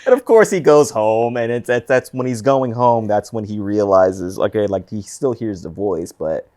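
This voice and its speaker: A man's voice: lowish voice, expressive, normal speed, darkish tone. A man co-hosting a casual movie talk show, eagerly agreeing and laughing along. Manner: enthusiastic, laughs often, keeps agreeing. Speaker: podcast co-host.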